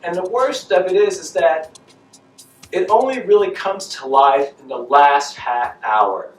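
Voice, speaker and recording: Talking conversationally about a film, a man with a fairly high, lively voice takes his time, poses rhetorical questions and repeats himself to drive points home. The echoey room, distant mic and faint music give the clip an off-mic feel.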